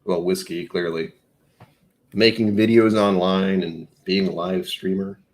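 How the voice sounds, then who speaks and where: A man's voice: low voice, steady tone, a little slow, darkish tone. A man hosting a casual whiskey livestream, rambling and joking at his own expense. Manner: rambling, self-mocking, jokey. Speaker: live streamer.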